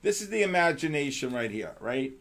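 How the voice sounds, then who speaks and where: A man hosting a live trading stream, talking excitedly and chatting with viewers as he goes over the markets. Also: on the high side, fairly quick. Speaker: host.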